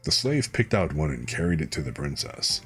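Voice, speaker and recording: A man calmly reading a fairy tale aloud as a bedtime story, unhurried, with small slips he corrects. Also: a bass voice, faint music behind. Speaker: streamer reading fairy tales.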